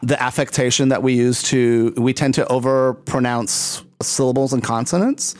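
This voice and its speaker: A man's voice: mid-range voice, steady tone, moderate pace, dry recording. A man hosting a casual interview chat, chatty and laughing often, with plenty of fillers. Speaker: host.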